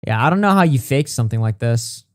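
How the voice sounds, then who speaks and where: An expressive man with a medium-pitched voice hosts a commentary show, heard in studio-quality audio with no room sound. He reads texts and reports quickly, meeting them with blunt reactions and frequent profanity.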